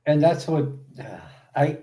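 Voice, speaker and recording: A man's voice: on the high side, animated, unhurried, dark tone. A man co-hosting a wrestling podcast, talking bluntly and cursing freely. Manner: blunt, profane venting. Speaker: podcast co-host. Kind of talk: casual wrestling chat.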